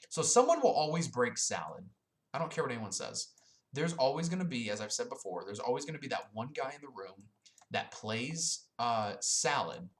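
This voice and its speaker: A man's voice: lowish voice, fairly bright tone. A young man giving blunt, profane, casual commentary on his own, dismissive and full of filler ums. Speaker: YouTuber ranking card game decks.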